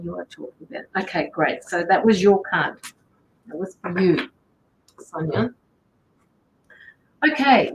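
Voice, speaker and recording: The speaker is an Australian woman with a mid-range voice, hosting a tarot livestream where she chats casually, welcomes viewers and reads their comments. The recording sounds muffled.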